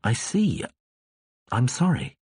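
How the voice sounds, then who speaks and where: A man's voice: mid-range voice, wildly swooping pitch, slow pace, darkish tone, slightly rough, dry recording, clean studio sound, full character voice. A man voicing a polite earnest game player. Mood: sorry.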